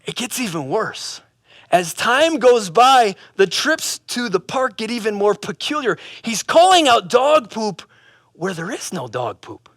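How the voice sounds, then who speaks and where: A male pastor preaching a sermon, telling a comic parable in an animated, casual way with bits of slang. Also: high-pitched, unhurried, no room sound, clean studio sound.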